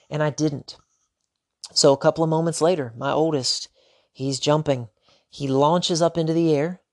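A man's voice: medium pitch, dry recording, clean studio sound. A man, hosting a solo podcast and telling a personal story with rhetorical questions. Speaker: podcast host.

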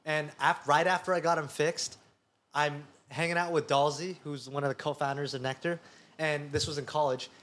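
A man with a somewhat high voice talks on a casual podcast. He tells his story in a loose, rambling way, breaking off mid-sentence and starting over. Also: fairly even intonation, moderate pace, fairly bright tone. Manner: rambling, self-interrupting storyteller. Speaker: podcast host.

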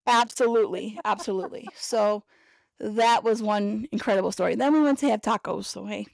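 A woman hosting a podcast, telling a story in a casual, animated way, acting out voices and laughing often. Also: mid-range voice, a little fast, gravelly, no echo. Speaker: podcast host.

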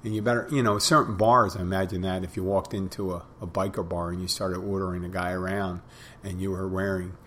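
A man working as a bartender who tells stories about customers in a plain, halting way. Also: low voice, level tone, fairly bright tone, a little hiss or hum. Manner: plain-spoken, halting with restarts and fillers. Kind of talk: casual storytelling monologue.

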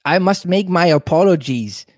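A man's voice: a little high, expressive, normal speed, a little mellow, dry recording, studio quality, voice pushed up. A man voicing a muddy, eccentric male European scientist with a put-on continental accent, apologetic and rueful. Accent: put-on vague continental European.

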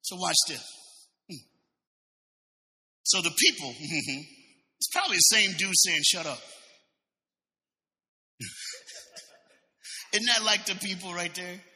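A man preaching a sermon in an animated way, breaking into shouts and laughing asides, recorded in a church. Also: sits high, unhurried, pauses often. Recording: reverberant church sanctuary sound.

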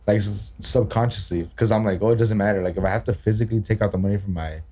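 A man's voice: fairly low pitch, steady tone, quick pace, dark tone, breathy edge. A man co-hosting a casual podcast chat, joking crudely and swearing often. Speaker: podcast co-host.

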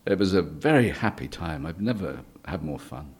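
An older Englishman, interviewed as a guest, reminisces about his early career, telling stories in a chatty manner with frequent chuckles. His voice is low, husky and expressive, at a normal speed.

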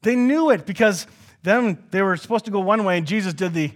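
Animated man preaching, lively voice. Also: brisk. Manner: conversational, acts out quoted dialogue with swings in pitch and volume. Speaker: pastor. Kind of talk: sermon.

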